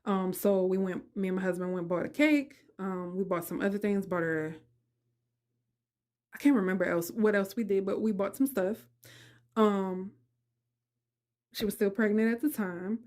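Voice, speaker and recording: A woman's voice: medium pitch, moderate pace, pauses often, darkish tone. A middle-aged woman hosting a podcast, telling a personal story in an emotional, conversational way and speaking straight to her listeners. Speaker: podcast host.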